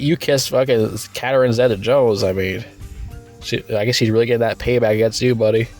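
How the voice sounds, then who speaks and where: A man casually reviewing a movie, rambling and swearing a lot, with sudden loud, incredulous rants. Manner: rambling and crude, with frequent swearing and fillers; breaks into loud, high-pitched incredulous rants.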